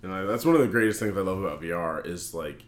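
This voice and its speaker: A man in casual conversation, easygoing and agreeable, chiming in with quick asides. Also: sits low, echoey room. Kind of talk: casual chat.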